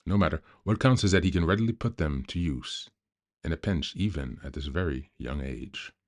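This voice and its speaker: A man hosting a self-help podcast, reading a book aloud in a calm, measured way. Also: very deep voice. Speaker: podcast host.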